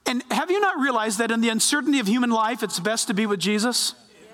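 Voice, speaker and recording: A man preaching a sermon as pastor, animated and acting out quoted voices. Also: very high voice, fast, long reverb tail.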